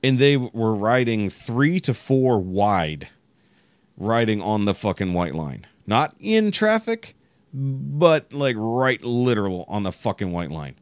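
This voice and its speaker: Very deep-voiced profane man telling a story. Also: sing-song, slow, no echo. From Texas. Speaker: podcast guest. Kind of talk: casual chat.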